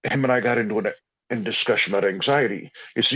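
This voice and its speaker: A man's voice: fairly low pitch, fast talker, pushed and bright, breathy edge. A man talking in a rambling, folksy, informal way in a casual conversation about healing and balance. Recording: dull lo-fi sound.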